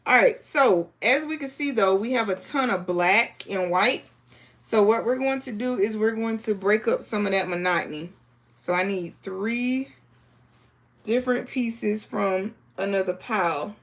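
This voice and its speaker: Slow-talking woman, chatty craft vlogger. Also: medium pitch. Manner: chatty, talks to viewers as y'all, reads chat aloud. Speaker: crafting livestream host. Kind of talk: casual live sewing chat.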